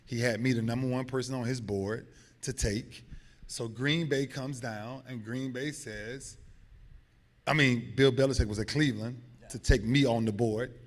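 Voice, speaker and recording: Guy in his 40s telling stories at a club lunch, voice jumps way up and down when he quotes people. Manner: animated, acts out quotes with big pitch swings and laughs. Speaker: guest speaker. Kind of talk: lively storytelling. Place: hotel banquet hall.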